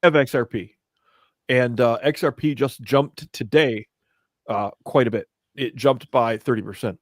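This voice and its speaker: A man's voice: mid-range voice, unhurried. A man co-hosting a casual talk show, speaking emphatically and agreeing with the others. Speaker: co-host. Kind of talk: casual podcast banter.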